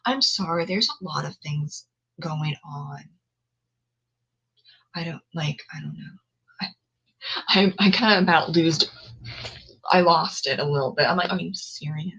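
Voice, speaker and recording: Woman rambling about her books, slow and easy, laughs a lot. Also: sits low, a bit bright, slightly rough, lo-fi sound. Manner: chatty, rambling, laughing asides. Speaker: booktuber live streamer. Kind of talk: casual chat.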